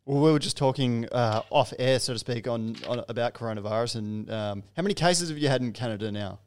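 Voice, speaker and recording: A man's voice: medium pitch, a little fast. A man hosting a podcast interview, chatty and joking, tripping over his words now and then. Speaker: podcast host.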